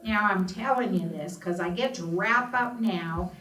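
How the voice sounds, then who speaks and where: A woman's voice: mid-range voice, unhurried. Middle-aged woman telling a story, echoey. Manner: expressive storyteller, quoting others in raised voices. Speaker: Alzheimer's advocate. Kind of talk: storytelling talk to an audience. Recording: echoey room from far off, faint ambience.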